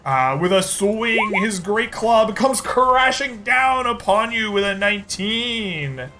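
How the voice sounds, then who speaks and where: A man's voice: sits high, animated, over music. A man running a tabletop game as game master, narrating the action with frequent laughs. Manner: unhurried, laughs often.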